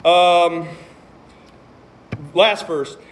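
An animated man preaching in church, with a notably high voice. He reads the verses with weight and breaks into jokes and asides between them, while a faint room ambience hangs behind him. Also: very slow, a little hiss or hum. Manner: animated, joking, reads scripture aloud with emphasis. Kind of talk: sermon.

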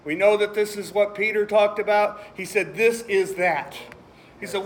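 A man preaches a sermon, reading scripture aloud with emphasis and slipping jokes in between verses. His high-pitched voice moves at a moderate pace, and his delivery is animated and playful.

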